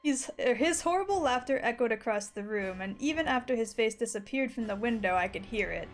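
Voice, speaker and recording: A woman's voice: fairly high pitch, animated, a little fast, faint music behind. A woman streamer reading a visual novel aloud with dramatic narration, breaking off for crude jokes and laughter.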